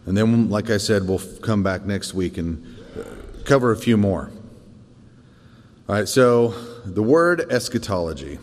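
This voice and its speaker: A man teaching a church Bible lesson in a thoughtful way, often pausing on fillers and restarting. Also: on the low side, lively intonation, in a large hall. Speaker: Sunday school teacher.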